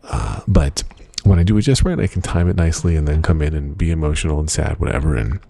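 A middle-aged man with a very low, gravelly voice rambles through a casual podcast diary from his home office. His tone is dark and a little husky, and he stays wry and self-mocking throughout, leaning on uh fillers as he goes. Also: quick pace, no room sound. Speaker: podcast host.

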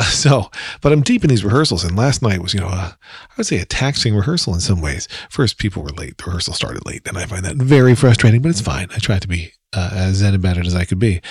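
A man's voice: fairly low pitch, husky, no room sound, studio quality. A man with a New Jersey accent hosting a casual solo podcast, chatty and rambling with self-deprecating asides. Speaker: podcast host.

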